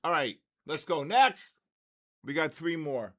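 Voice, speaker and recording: A man's voice: a little high, expressive, slow pace, pushed and bright. A man in his sixties hosting a trading livestream, joking and exasperated as he spells out viewer names letter by letter. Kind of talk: casual livestream chat, calling out viewer names.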